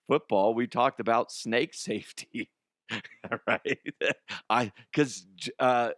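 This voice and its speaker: Low-voiced rambling sports talk host. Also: male voice, fairly bright tone, no room sound, clean studio sound. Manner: rambling, profane, slips into mock impressions. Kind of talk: casual comedic sports talk.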